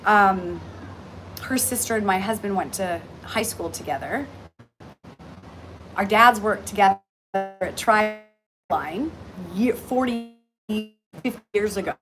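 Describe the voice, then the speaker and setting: A woman's voice: medium pitch, takes it slowly, long pauses, music in the background, low-quality recording. Chatty Canadian woman livestreaming. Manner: chatty and heartfelt, many ums and restarts. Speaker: intuitive reader and shop owner. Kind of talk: casual livestream chat. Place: aboard a cruise ship. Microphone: phone livestream.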